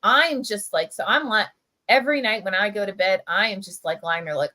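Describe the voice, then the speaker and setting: A middle-aged woman tells a story over a video call livestream. Her voice is bright and forward, at a middling pitch. She talks in a loose, chatty way and fills her sentences with "like", "you know" and "right?". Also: brisk, poor audio. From Camden, New Jersey. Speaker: press editor.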